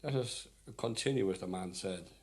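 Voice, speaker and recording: A man's voice: low-pitched, normal speed. An Irish man in wry, joking spoken patter between folk songs, his speech slightly mumbled. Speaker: folk singer.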